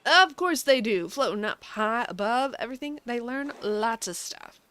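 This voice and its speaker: A woman voicing an excitable male cartoon tiger from a game, with a folksy Southern drawl. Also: on the high side, normal speed.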